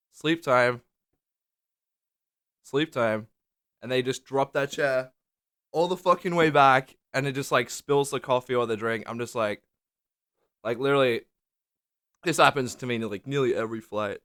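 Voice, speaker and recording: A young Australian man tells rambling, swear-filled travel stories to camera in a casual vlog, using "like" constantly. He's in a small indoor room under a lamp, and his mid-range, slightly bright voice is recorded with clean studio sound and no room echo.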